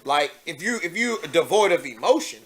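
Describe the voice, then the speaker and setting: A man hosting a call-in talk show, speaking casually and laughing often, swinging from low muttering to animated near-shouting. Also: normal speed, husky. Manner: animated, rising to near-shouting when worked up.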